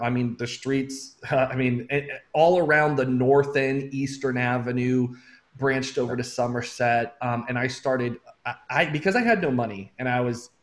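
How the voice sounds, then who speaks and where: A middle-aged man, a real estate investor, telling his story in a casual interview and often adding "man". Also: mid-range voice. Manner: animated, laughs often, says "man" a lot.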